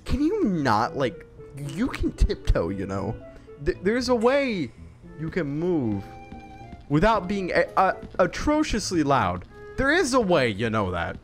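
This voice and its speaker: A woman's voice: low-pitched, huge pitch swings, unhurried. A woman giving commentary on a horror game, muttering to herself and screaming at it when chased. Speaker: gamer. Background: game music.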